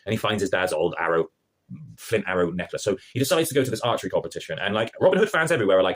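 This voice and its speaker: A man's voice: deep voice, sing-song, very fast. A man reviewing a TV episode in a casual, exasperated and sarcastic rant.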